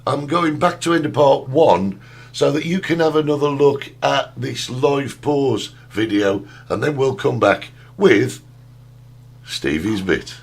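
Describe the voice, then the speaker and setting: A man's voice: medium pitch, a little slow, vocal fry, breathy edge. A man hosting a radio talk show, chatting in an easygoing way and introducing segments. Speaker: host. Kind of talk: casual radio chat.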